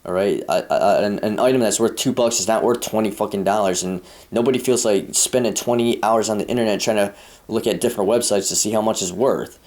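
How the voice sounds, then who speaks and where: Here a young American vlogger goes off in a rambling, foul-mouthed monologue, his casual rant brisk in pace. The voice is lowish with a touch of mellowness.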